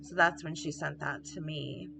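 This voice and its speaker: A woman's voice: sits low, fairly even intonation, normal speed, vocal fry. A woman giving casual gameplay commentary, reading on-screen emails aloud and adding offhand asides. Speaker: let's play gamer. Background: game music.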